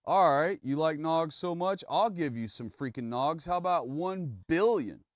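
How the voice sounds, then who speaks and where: A man's voice: a little high, animated, unhurried, no echo, studio quality, voice pushed up. A man voicing a sarcastic, exasperated male deity who mocks his listener. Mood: mocking. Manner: sarcastic, mocking.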